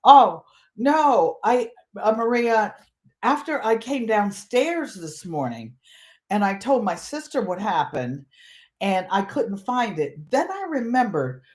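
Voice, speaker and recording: An older woman from Connecticut, host of a quilting channel, telling a funny travel story in a casual, animated way and acting out the voices of people in it. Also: mid-range voice, slow. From Connecticut, USA. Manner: animated, comic, acts out voices in her story.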